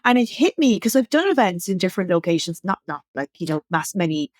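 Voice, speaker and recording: Irish woman hosting a chat podcast, measured and thoughtful, dry close mic. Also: fairly low pitch, very animated, no room sound. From Ireland. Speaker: podcast host. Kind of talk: casual interview chat.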